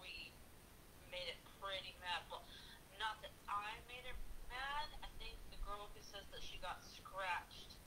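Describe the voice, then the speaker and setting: Female investigator, relaxed chat, hissy line. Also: mid-range voice, measured pace. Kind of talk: casual chat.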